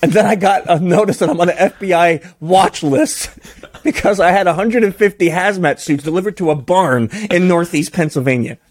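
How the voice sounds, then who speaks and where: A man telling stories as a podcast guest in a casual, animated way, his voice jumping high when he gets excited. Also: fairly quick. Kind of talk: casual storytelling.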